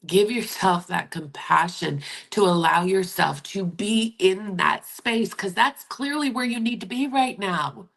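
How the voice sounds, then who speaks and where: A woman in her fifties hosting a live-stream chat, talking gently and encouragingly as she reads out viewer comments, often dropping close to a whisper. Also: fairly low pitch, gravelly, breathy edge. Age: 50s. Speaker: livestream host.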